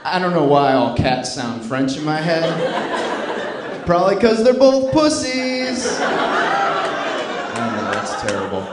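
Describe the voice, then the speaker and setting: Male stand-up comedian, deadpan and dry, high voice, roomy club sound. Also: a little slow, heavy background noise. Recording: echoey club with loud crowd laughter.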